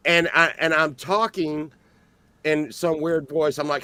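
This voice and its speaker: A middle-aged man telling a story on a podcast, rambling and halting, with frequent laughs. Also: a little high, fairly even intonation, bright, forceful tone, no echo. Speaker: podcast co-host. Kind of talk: casual storytelling chat.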